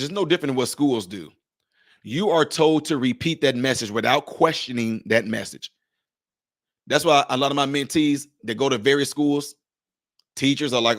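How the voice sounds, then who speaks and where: A man's voice: medium pitch, brisk, fairly bright tone, no echo, studio quality. A man in his forties hosting a live stream, giving impassioned, preachy commentary full of rhetorical questions. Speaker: livestream host and commentator.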